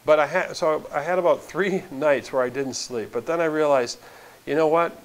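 A man's voice: fairly high pitch, moderate pace. Earnest man reflecting as a guest. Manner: earnest, reflective, with frequent restarts. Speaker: documentary filmmaker, interview guest. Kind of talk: casual conversational interview.

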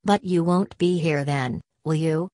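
A woman's voice: sits low, a little slow, warm tone, dry recording. A woman voicing a literal-minded male army sergeant who asks polite, puzzled questions. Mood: puzzled, dutiful.

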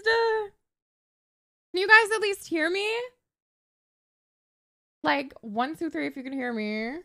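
A woman in her twenties chatting casually on a live game stream, excitable and swearing freely. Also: high voice, takes it slowly. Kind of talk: casual live-stream chat while role-playing a game.

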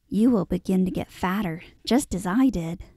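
A woman's voice: mid-range voice, normal speed, dark tone, breathy edge, dry recording, studio quality. A woman voicing a serious, plain-spoken young girl in a storybook reading. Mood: earnest.

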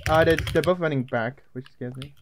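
A man's voice: on the high side, brisk, a little hiss or hum. A man chatting casually while playing a game, rambling and joking as he calls out what is happening. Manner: rambling, joking, running commentary. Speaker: gamer. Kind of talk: casual gaming chat.

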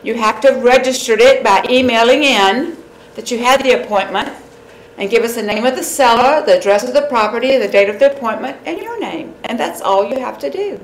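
A woman's voice: on the high side, animated, fairly quick. A woman hosting a live-streamed office drawing, telling a joke in a folksy way and laughing often. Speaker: host. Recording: echoey room, faint noise.

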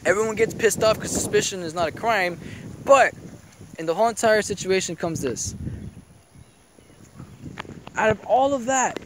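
Rambling high-voiced man vlogging. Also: animated, moderate pace, long pauses, background noise. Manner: rambling, profane, full of "you know" and "I'm like". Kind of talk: casual monologue.

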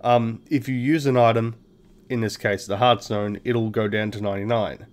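A man's voice: mid-range voice, fairly even intonation, normal speed. A man giving casual gameplay commentary, thinking aloud, explaining game mechanics and swearing freely. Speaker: gaming video host.

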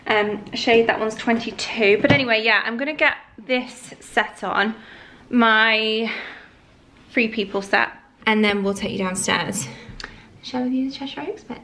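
Young woman, lifestyle vlogger, slightly high voice, faint background noise, loose rambling chat. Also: unhurried. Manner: rambling, keeps going off on tangents. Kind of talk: casual vlog chat. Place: at home, indoors.

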